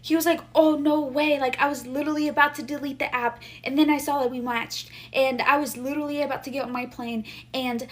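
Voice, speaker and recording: High-voiced young woman, sheepish. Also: steady tone, a little fast, few pauses. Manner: sheepish, chatty. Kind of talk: casual storytelling to camera.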